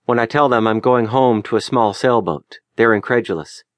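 A man narrating a memoir audiobook in a measured, lyrical, deliberate way, recorded close in a studio. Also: mid-range voice, dry recording. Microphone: close studio mic.

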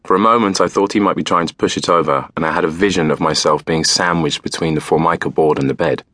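A man narrating a novel in the first person, calm and measured. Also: very deep voice, no room sound. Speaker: audiobook narrator.

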